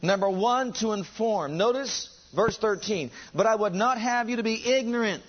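A man's voice: high-pitched, normal speed, highs cut off. A man preaching a sermon, driving his points home with rhetorical questions and emphatic repetition.

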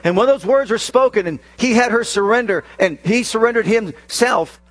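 A man preaching a sermon, acting out scripture scenes with slow emphasis and sudden rapid bursts. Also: high voice, no echo. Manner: dramatic, acts out quoted scripture voices, shifts between slow emphasis and rapid bursts.

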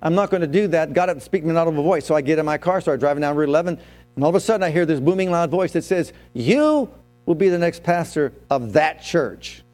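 A man's voice: a little high, steady tone, rapid-fire, darkish tone, soft background music. A man preaching a sermon as pastor, telling his own story and asking the congregation questions.

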